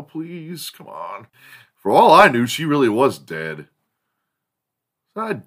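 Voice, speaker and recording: Animated, profane male storyteller. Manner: profane, animated storyteller with big pitch jumps. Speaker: host. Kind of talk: casual storytelling monologue.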